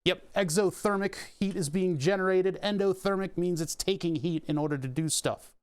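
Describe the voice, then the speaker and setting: A man's voice: sits high, normal speed, a little mellow, smooth. A man streaming casually while he works on a craft project, rambling and restarting sentences and laughing at puns as he talks to his chat. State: hiccuping, heartburn.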